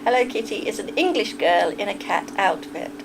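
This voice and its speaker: A woman's voice: mid-range voice, lively intonation, normal speed, background noise. A woman live streaming in a casual, chatty way, reading out her chat and often breaking into giggles.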